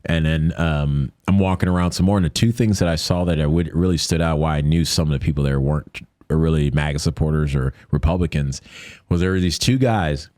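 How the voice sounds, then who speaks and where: A man telling a story as a podcast guest in casual chat, lively and jokey, often acting out what people said. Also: brisk, no room sound, studio quality. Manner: animated, acts out quoted lines in a higher voice; jokey, conversational with many fillers.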